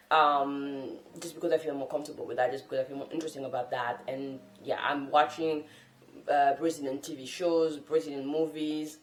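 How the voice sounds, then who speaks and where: Her voice is low, with slight background noise and a roomy echo in the recording. A woman from France who speaks French natively, she vlogs about language learning, addressing the camera casually, earnestly, and encouragingly.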